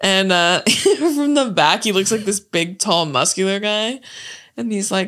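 A woman's voice: mid-range voice, lively intonation, moderate pace, a bit bright. A young woman co-hosting a podcast, telling cartoon scenes with lots of giggling and quoting lines in character voices. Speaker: podcast co-host. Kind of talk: casual chat.

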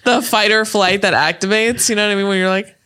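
Young woman, podcast co-host, casual chat, bright tense voice, swears and laughs a lot. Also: medium pitch, fast, clear, resonant tone. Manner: laughing, quoting movie lines, swearing.

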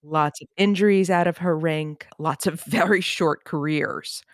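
A woman's voice: deep voice, measured pace, no echo, clean studio sound. A woman co-hosting a casual sports chat show, giving sarcastic, opinionated commentary. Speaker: podcast co-host. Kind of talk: casual chat about Olympic news.

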